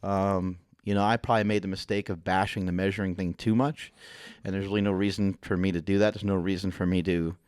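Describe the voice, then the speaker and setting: A male podcast host with a lowish voice tells rambling, cuss-filled gym stories in loose chat. The sound is close and dry, with no room around him. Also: little pitch movement, fast, few pauses, a little mellow, clean tone, dry recording. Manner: profane, rambling storyteller.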